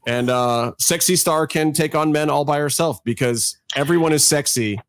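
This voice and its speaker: A man's voice: a little high, moderate pace, a little hiss or hum. A man co-hosting a casual podcast chat, talking in a dry, sarcastic, nitpicking way. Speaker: podcast co-host.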